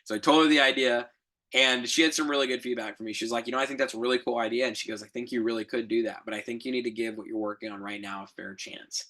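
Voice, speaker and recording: A man's voice: medium pitch, fairly even intonation, fast talker, bright, forceful tone. A young adult man hosting a podcast, telling a reflective story in a rambling casual way, with fillers, self-corrections and light laughs. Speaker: podcast co-host.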